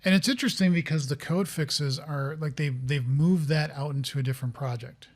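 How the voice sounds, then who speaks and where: A man's voice: a little high, normal speed, hardly any pauses. Man thinking aloud while coding. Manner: rambling, easily flustered, thinks aloud. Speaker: software developer streaming a coding session. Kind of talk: casual live-coding commentary.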